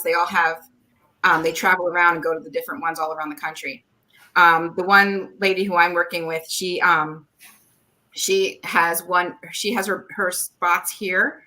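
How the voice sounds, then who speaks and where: A woman's voice: on the low side, pushed and bright. A woman in casual chat as a podcast guest, talking loosely with many fillers. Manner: chatty, filler-heavy with many um and like.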